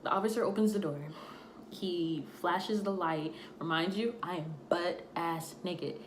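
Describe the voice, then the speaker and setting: A young woman telling a storytime tale in a casual, animated way, acting out the voices of the people in it. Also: on the low side, measured pace. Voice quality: animated, acts out quoted voices. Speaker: storytime vlogger. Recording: echoey room, faint noise.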